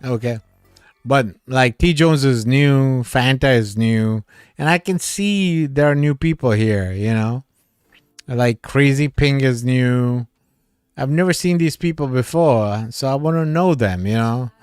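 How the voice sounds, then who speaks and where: A man hosts a casual livestream, reading his viewers' comments aloud and chatting back at a slow, unhurried pace. He laughs often. His voice is close and dry, with faint music playing underneath. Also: mid-range voice, darkish tone, clean tone, no echo. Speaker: livestream host reading chat. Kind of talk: casual live chat with viewers.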